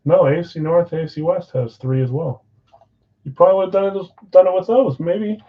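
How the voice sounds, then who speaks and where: A man hosting a live-streamed card break, chatting with viewers and calling out countdowns in an energetic, auctioneer-like way. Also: high-pitched, breathy edge, lo-fi sound. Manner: auctioneer-like rapid calls.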